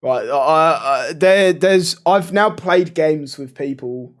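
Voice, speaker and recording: A man hosting a live-streamed podcast, swearing freely and telling animated stories in casual chat. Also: a little high, slow pace. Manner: swears a lot, animated storytelling.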